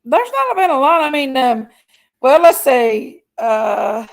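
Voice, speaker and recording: A woman's voice: high-pitched, sing-song, low-quality recording. A middle-aged woman, chatting casually as a livestream host and reading out viewers' comments. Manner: chatty, playful, drawn-out exclamations.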